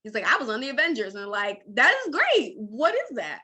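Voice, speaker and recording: A woman's voice: medium pitch, big pitch swings, fast talker, pushed and bright. A woman co-hosting a casual film review, acting out movie lines, laughing often and swearing freely. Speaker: co-host.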